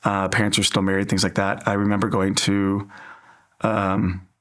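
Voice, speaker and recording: A man's voice: on the low side, monotone, moderate pace, a bit bright. A man from Southern California, an interview guest, giving an earnest, reflective personal faith testimony.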